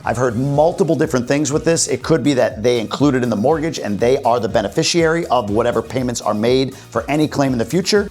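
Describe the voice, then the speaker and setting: A man giving a casual, blunt explanation to camera, mixing practical detail with offhand asides. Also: medium pitch. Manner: casual, blunt, matter-of-fact, with asides and jokes. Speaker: real estate investor and channel host.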